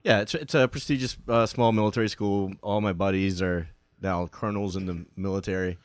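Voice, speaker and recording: A man in his forties, a guest on a casual podcast, speaking in a hesitant, halting way. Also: on the low side, fairly even intonation, dry recording, clean studio sound. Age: 40s.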